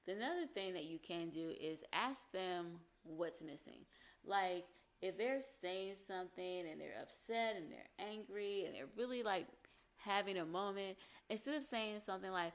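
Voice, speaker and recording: A woman's voice: medium pitch, lively intonation, normal speed. A woman giving casual relationship advice, explaining earnestly and acting out example phrases.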